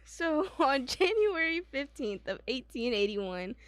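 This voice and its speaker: A woman's voice: high voice, big pitch swings, a little slow, no room sound. A young woman co-hosting a casual podcast, reading history notes, giggly and stumbling over names. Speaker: podcast co-host.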